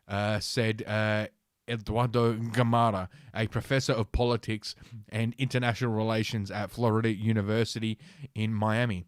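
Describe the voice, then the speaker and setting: A man's voice: lowish voice, flat delivery, normal speed, clean tone, no echo, studio quality. A man hosting a podcast, reading news articles aloud with sardonic, profane asides and frequent stumbles. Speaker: podcast host. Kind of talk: casual news commentary.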